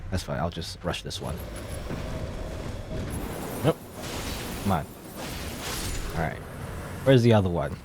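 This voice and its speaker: Low-voiced man musing over gameplay. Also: expressive, takes it slowly, pauses often, darkish tone, a little hiss or hum. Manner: rambling, musing aloud with self-deprecating jokes. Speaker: let's play host. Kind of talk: casual gameplay commentary.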